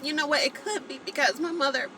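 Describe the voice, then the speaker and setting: A woman's voice: high voice, quick pace, noisy background. A woman in her forties hosting a live vlog broadcast, talking to her viewers in a heartfelt, rambling way. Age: 40s. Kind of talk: emotional live-stream chat with viewers.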